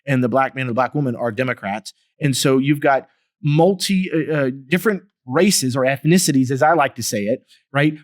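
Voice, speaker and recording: A man hosting a podcast, giving solo political commentary in an emphatic, animated way with sarcastic asides. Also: mid-range voice. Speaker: podcast host.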